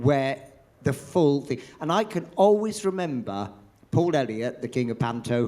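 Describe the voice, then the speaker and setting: An older man, a veteran pantomime performer, telling theatre stories in an interview and acting out the voices he quotes. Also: medium pitch. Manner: animated storyteller, acts out quoted voices. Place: theatre after a show.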